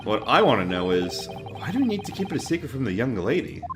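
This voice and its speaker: A man's voice: medium pitch, very animated, fast, music in the background, natural voice. A man doing a flustered young law student. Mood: worried. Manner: flustered, stammering.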